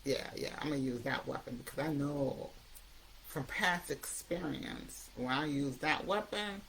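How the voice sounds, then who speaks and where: A woman's voice: low voice, measured pace, gravelly, a bit bright, a little hiss or hum, exaggerated voice. A woman voicing the manipulative inner voice of addiction, wheedling and demanding. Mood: scheming.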